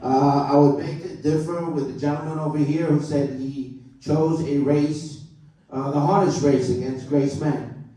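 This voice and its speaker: A man's voice: on the high side, steady tone, measured pace, mellow. A man running for Congress who gives a formal campaign speech to a crowd, with some fillers. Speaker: congressional candidate. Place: club meeting room. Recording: echoey room, mic far off.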